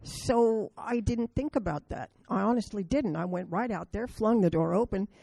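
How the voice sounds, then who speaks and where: Woman, meeting speaker: mellow, raspy, blunt storyteller. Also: medium pitch, moderate pace, no room sound. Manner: blunt, storytelling, self-deprecating. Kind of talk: recovery meeting talk with stories.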